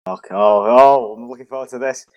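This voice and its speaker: A man's voice: mid-range voice, a little fast, lo-fi sound. A man co-hosting a podcast who gushes with enthusiasm. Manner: gushing, enthusiastic. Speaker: podcast co-host. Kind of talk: casual chat.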